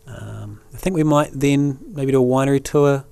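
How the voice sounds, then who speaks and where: A man's voice: medium pitch, moderate pace, creaky, clear, resonant tone, no echo. A man co-hosting a podcast in casual chat, rambling along with plenty of fillers, recorded close and dry. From New Zealand. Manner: relaxed, rambling with many fillers. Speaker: podcast co-host.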